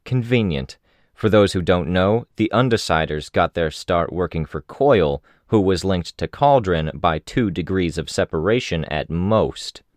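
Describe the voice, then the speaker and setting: Man voicing a harsh young team leader, confrontational, low voice, dry sound. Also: lively intonation, measured pace, no echo. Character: hostile metal-skinned young man leading a team.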